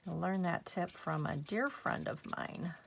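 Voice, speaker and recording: Slow, soft-spoken woman crafting tutor. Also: lowish voice, vocal fry, a little hiss or hum. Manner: soft, unhurried, gently encouraging. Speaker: crafting channel host. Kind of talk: calm step-by-step crafting tutorial.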